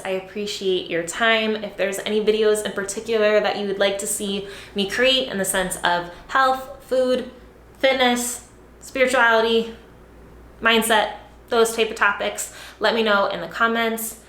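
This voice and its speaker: A woman's voice: mid-range voice, fairly even intonation, measured pace, fairly bright tone, roomy sound. A woman fitness coach talking casually to her viewers, encouraging and repetitive, often tagging sentences with "right?". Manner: encouraging, repeats herself with lots of "right?" and "like". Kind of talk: casual direct-to-camera vlog.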